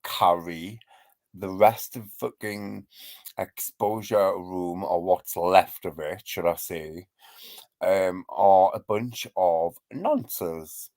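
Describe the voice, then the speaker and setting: A man's voice: sits low, takes it slowly, darkish tone, dry recording. A man hosting a live stream, ranting and trading insults in a mocking gossip style, laughing often.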